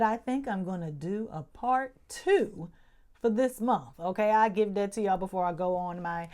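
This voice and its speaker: A woman's voice: medium pitch, normal speed, a little mellow. A woman with speech giving a casual, chatty monthly tarot reading as host, full of slang and frequent "okay?" check-ins. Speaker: tarot reader.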